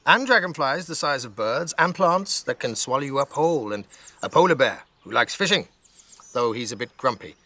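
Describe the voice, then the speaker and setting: A man's voice: medium pitch, animated, normal speed, sharp tone, dry recording. A man doing a playful old grandmother. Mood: teasing. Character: gentle, playful older grandmother.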